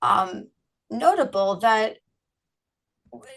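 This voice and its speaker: A woman's voice: a little high, animated, drawn-out words, fairly bright tone, poor audio. A middle-aged woman being interviewed, talking frankly and animatedly and laughing often. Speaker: guest, brand founder. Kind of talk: candid interview conversation.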